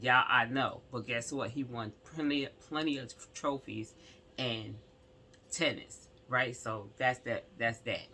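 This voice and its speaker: A woman's voice: rumbling low, slow, pushed and bright, slight background noise. A woman casually telling a personal story to her viewers, emphatic and rambling, with many asides to the audience.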